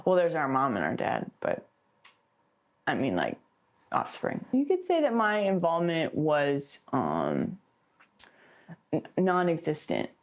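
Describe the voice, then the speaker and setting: A young woman talks in a mockumentary-style interview, rambling and exasperated and leaning on fillers. Her voice sits on the lower side for a woman. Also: wildly swooping pitch, slow, pauses often. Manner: chatty, exasperated, lots of fillers.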